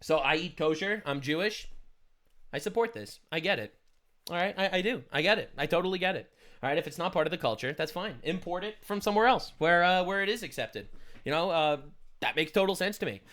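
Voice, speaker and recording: A streamer from the United States delivers sarcastic, emphatic reaction commentary on a political video, loudly interjecting throughout. His high voice is expressive and brisk.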